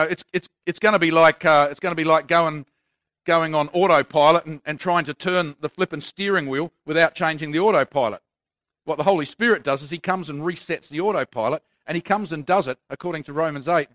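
A man's voice: a little high, pushed and bright, no room sound. A man preaching a sermon in an earnest, conversational way with touches of self-deprecating humour.

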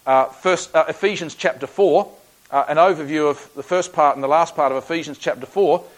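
A man's voice: a little high, fairly quick, poor audio. An Australian man preaching a sermon, telling a personal story in a conversational, folksy way with frequent restarts.

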